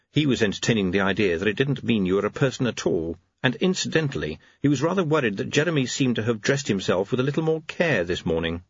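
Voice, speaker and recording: Male narrator, wry storyteller, lowish husky voice, dull lo-fi dry recording. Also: dry recording. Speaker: audiobook narrator. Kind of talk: scripted narration.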